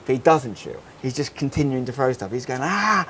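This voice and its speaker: A man in his thirties, co-hosting a casual podcast and telling a story in an animated, rambling way. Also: medium pitch, fairly quick, a little hiss or hum. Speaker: podcast co-host. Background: faint outdoor holiday ambience.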